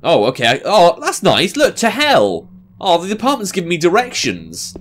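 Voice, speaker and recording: A man's voice: sits high, huge pitch swings, a little fast, a bit bright. A young man giving casual, sarcastic let's-play commentary, swearing and talking back to the game. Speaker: gaming commentator.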